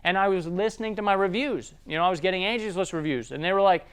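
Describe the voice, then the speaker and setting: A young man with a Southern US accent giving a casual sales training talk, acting out customers in quick voices. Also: high voice, smooth.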